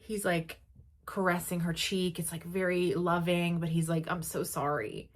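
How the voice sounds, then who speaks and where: A woman hosting a podcast, casually recapping an episode in a chatty way, full of "like" and quick paraphrased quotes of characters. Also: on the low side, level tone. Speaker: podcast host.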